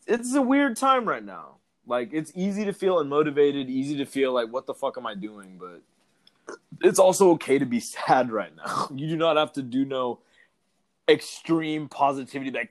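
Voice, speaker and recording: A young man co-hosting a podcast, chatting candidly and profanely, laughing often. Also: mid-range voice. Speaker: podcast co-host. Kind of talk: casual chat.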